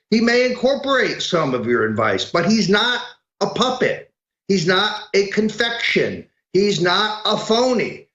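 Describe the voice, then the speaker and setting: A man calling in as a political analyst guest, speaking in a measured way that builds to emphatic peaks. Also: a little high, vocal fry, a bit bright, roomy sound, lo-fi sound. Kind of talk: political commentary on a call-in.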